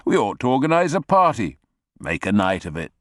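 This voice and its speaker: A man's voice: on the low side, big pitch swings, a little fast, dry recording, studio quality. A man voicing a smug rival who taunts and needles the listener. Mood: taunting.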